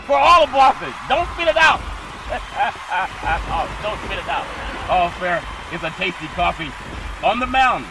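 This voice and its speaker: A man hosting a comic sports podcast, doing mock play-by-play that builds to shouted home-run calls, laughing often. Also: sits high, creaky. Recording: loud outdoor traffic noise behind.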